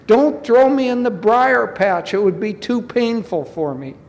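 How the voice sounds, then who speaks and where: A man voicing a clever, boastful trickster rabbit from a folk tale, in a shrill, theatrical, pleading voice. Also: animated, measured pace, a little mellow, full character voice. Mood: mock pleading. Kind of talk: folk tale told in a spiritual talk.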